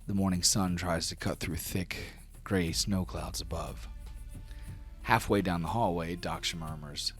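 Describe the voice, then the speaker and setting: A man's voice: low voice, a little slow. A man narrating a tabletop game as game master, descriptive and casual, with many fillers. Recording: faint music behind.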